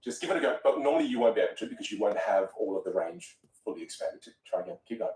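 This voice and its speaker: A man coaching on a podcast, talking in an expressive, musical way and repeating words as he gets going. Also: fairly low pitch, racing. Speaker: voice coach guest. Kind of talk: animated podcast conversation. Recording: roomy room, distant mic.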